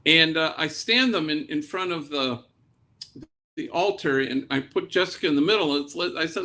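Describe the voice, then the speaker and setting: Priest, man, lively storyteller with a gravelly edge and Spanish asides. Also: fairly high pitch. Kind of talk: storytelling talk.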